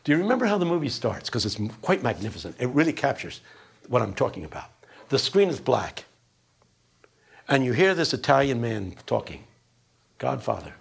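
A man giving a classroom lecture, animated and full of rhetorical questions. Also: mid-range voice, moderate pace, vocal fry, long pauses, husky.

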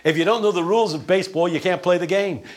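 A man's voice: high-pitched, quick pace. A man lecturing a class, telling stories and acting out quotes with energy. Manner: animated, storytelling with acted-out quotes.

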